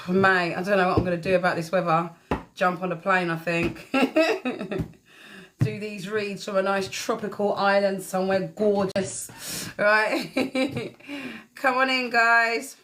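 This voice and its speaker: A woman reading tarot on a live stream, chatting casually, greeting viewers warmly and calling them pet names. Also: medium pitch, steady tone, normal speed, a little hiss or hum. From England. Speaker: tarot reader.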